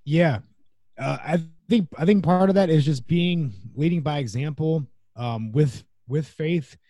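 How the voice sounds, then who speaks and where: Earnest, lightly higher-voiced man. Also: a little slow, mellow, dry recording. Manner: earnest, reflective, chuckles often. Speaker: guest. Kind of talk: casual conversation.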